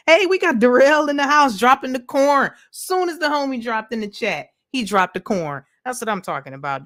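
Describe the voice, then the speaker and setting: A woman's voice: a little high, expressive, moderate pace, fairly bright tone, dry recording, clean studio sound. A woman hosting a casual livestream, chatting loosely, reading the chat aloud and leaning on "you know". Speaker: livestream host.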